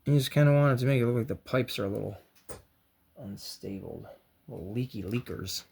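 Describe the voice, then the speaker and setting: A man's voice: mid-range voice, brisk, creaky, darkish tone, husky. A man hosting a casual painting and crafts tutorial, chatty and encouraging, with joking slangy asides. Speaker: host of a toy and craft channel.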